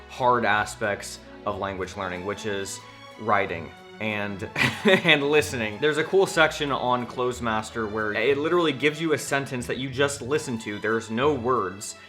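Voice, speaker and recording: A man's voice: mid-range voice, a bit bright. A young man with an American accent, talking casually and rambling a little in a home vlog, poking fun at himself. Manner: chatty, rambling, self-deprecating. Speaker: vlogger.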